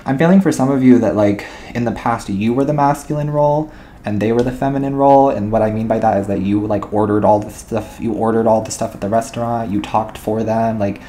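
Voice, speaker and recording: A man's voice: fairly low pitch, fairly even intonation, fairly quick, mellow, a little hiss or hum. A man doing a tarot reading to camera, rambling and intuitive, often checking in with "okay?" and "all right?". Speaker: tarot reader.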